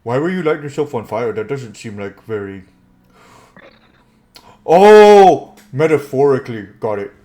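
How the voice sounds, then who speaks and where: A man voicing an excitable, naive male companion who rambles loudly and quickly. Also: medium pitch, lightly acted. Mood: excited.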